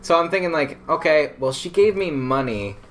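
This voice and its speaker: A man's voice: on the high side, lively intonation, normal speed, a little hiss or hum. A young man casually telling a personal story, rambling with lots of fillers and laughing as he goes. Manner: rambling, filler-heavy, laughs through the tale.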